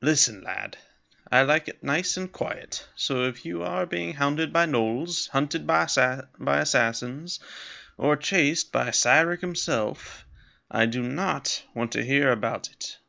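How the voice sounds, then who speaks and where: A man's voice: medium pitch, slow pace, sharp tone, voice pushed up, heavily acted. A man voicing a grumpy male hermit mage with a light put-on Scottish accent, curt and unwelcoming. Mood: gruff. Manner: gruff, curt, wants to be left alone. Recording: slightly dull lo-fi sound.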